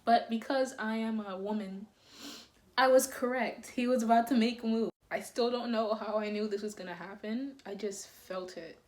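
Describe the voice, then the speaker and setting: Young woman vlogger, slow unhurried delivery, giggly and animated, casual storytime. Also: medium pitch. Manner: giggly, breaks into laughter often; animated, dramatic retelling.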